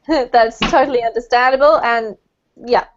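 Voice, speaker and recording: Over a video call with dull, lo-fi audio, a woman teaches English pronunciation in an online class. Her voice sits on the high side with a little hiss or hum, and she's chatty and encouraging, laughing lightly.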